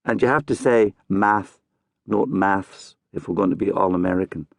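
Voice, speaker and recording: A male audiobook narrator voicing a quiet, self-doubting detective close to his own voice. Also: sits low, moderate pace, gravelly, dry recording. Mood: quiet earnest. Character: anxious, earnest large male detective.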